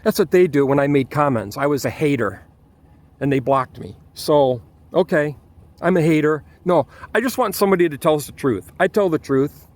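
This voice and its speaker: A man's voice: fairly high pitch, lively intonation, fairly quick, a little mellow. A man ranting outdoors in a vlog with an angry, exasperated manner and frequent restarts, with a Michigan accent. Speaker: vlogger.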